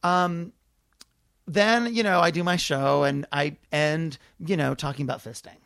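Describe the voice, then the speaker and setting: Gravelly, higher-voiced man telling stories. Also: measured pace, dry recording. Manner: animated, acts out quoted voices. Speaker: comedian. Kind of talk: casual storytelling chat.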